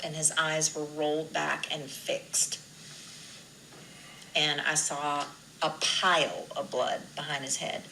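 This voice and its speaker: A woman's voice: sits low, bright, forceful tone, a little hiss or hum, rough recording. A woman, a nurse, being interviewed for TV news, telling an emotional story, acting out what people said and dropping to whispers at times.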